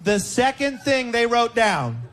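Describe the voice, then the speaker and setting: A man performs a comedy bit with a mocking, drawn-out delivery, his voice high and bouncing around. He sounds distant, with clear noise behind him. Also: sing-song, fairly bright tone.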